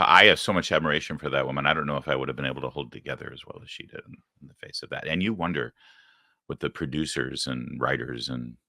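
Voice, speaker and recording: A man with a deep yet bright, forceful voice hosts a political talk show. He comments with indignation and emotion. The sound is dry and close. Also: vocal fry, no room sound. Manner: emotional, indignant, rising to heated outbursts. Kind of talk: opinionated commentary.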